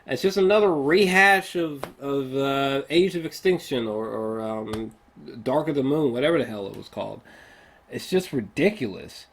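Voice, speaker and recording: A man's voice: medium pitch, animated, moderate pace, a bit bright. A man giving a casual spoken film review, ranting in exasperation, swearing often and stumbling through many fillers. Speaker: movie reviewer.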